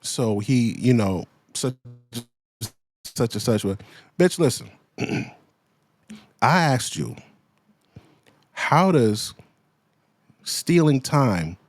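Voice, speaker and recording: A man's voice: lowish voice, darkish tone, dry recording. A man giving a profane, ranting commentary, hammering at the same point with repeated pointed questions. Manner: profane, heated, repeats himself.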